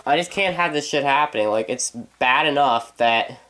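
This man's voice is medium-pitched, pushed and bright, at normal speed. Filming a casual handheld vlog inside his house, he rants in frustration, angry and cursing nonstop.

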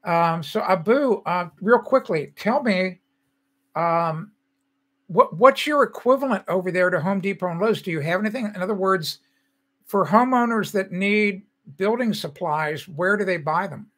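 A man's voice: high-pitched, lively intonation, normal speed, a bit bright. An older man hosting a casual livestream, chatting loosely and reading out viewer comments as he greets people by name. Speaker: livestream host.

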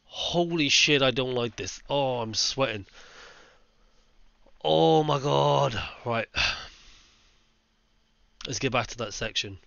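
A man's voice: mid-range voice, slow pace, gravelly, long pauses, a bit bright, dry recording, highs cut off. A man playing a horror game who talks to himself, is easily startled and swears a lot. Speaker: let's play gamer. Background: game music.

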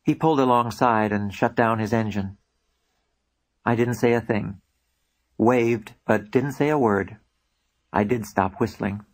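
A man's voice: on the low side, a little slow, pauses often. A man narrating his own book in a reflective first-person storytelling manner. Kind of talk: audiobook narration.

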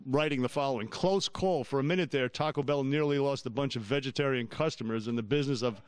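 A man's voice: mid-range voice, fast talker, smooth, dry recording. A middle-aged man co-hosting morning radio, reading news items and cracking jokes. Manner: wisecracking, reads items aloud. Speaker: radio co-host and newsreader.

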